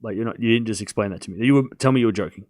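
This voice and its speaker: A man's voice: on the low side, very fast, darkish tone. A young Australian man hosting a live stream, calling points and chatting with viewers between rallies. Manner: chatty, laughs often, calls points between chat replies. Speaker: streamer and host. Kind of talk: live watchalong commentary, reading chat.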